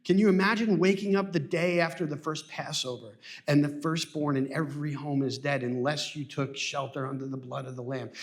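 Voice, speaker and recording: A man preaching a sermon in a church, earnest and repetitive, asking rhetorical questions. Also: on the high side. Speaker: pastor. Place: church sanctuary.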